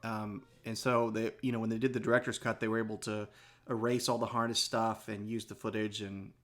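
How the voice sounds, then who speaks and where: A man's voice: lowish voice, little pitch movement, a little fast, fairly bright tone. A man co-hosting a podcast, talking casually and knowledgeably about films, with many restarts. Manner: knowledgeable, full of restarts and fillers. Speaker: podcast co-host. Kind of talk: casual movie discussion.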